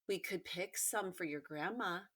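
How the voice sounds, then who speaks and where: A woman's voice: on the low side, measured pace, a bit bright. A woman voicing a pestering male wolf who keeps asking in a coaxing, pleading way. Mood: wheedling.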